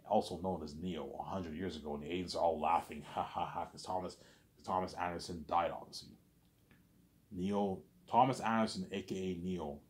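A young man with a very low voice rambles through a casual story, circling back with the same filler phrases. His delivery is loose and unhurried. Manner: rambling, repeats "you know what I'm saying".

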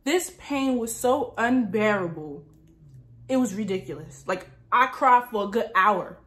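This New Jersey lifestyle vlogger, in her early twenties, has a mid-range, fairly bright voice with lively intonation and a slightly slow pace. She tells her story casually and dramatically, filling it with lots of "like."

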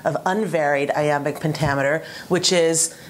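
A woman's voice: sits low, steady tone, normal speed, slight background noise. A woman speaking as a panelist at a roundtable discussion, talking animatedly and eager to jump in.

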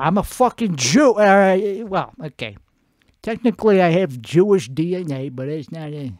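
A man's voice: on the high side, no echo, clean studio sound. A man hosting a comedy show, putting on an Italian-American accent, with a profane, rambling, self-mocking monologue recorded at home at night. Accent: put-on Italian-American.

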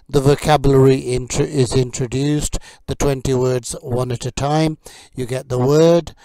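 Slow, mellow-voiced male vocabulary teacher. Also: mid-range voice, dry recording. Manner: slow, deliberate word drills with many fillers. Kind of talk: vocabulary lesson for learners.

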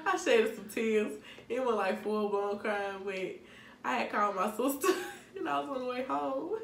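A woman's voice: a little high, moderate pace, gravelly, roomy sound, far from the mic, a little hiss or hum. A woman chatting casually with friends, teasing them and telling stories with lots of animation. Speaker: co-host. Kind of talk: casual chat among friends.

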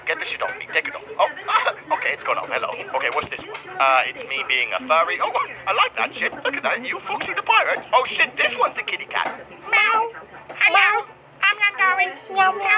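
A gaming video creator giving excitable, joking gameplay commentary, swearing and jumping between voices. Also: medium pitch, fairly quick. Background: game music.

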